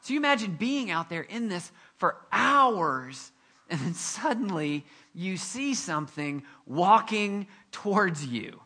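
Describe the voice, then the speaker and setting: Guy preaching a sermon, chatty and lively, kinda high bright voice. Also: takes it slowly, husky. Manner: conversational and animated, with self-deprecating asides. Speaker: pastor.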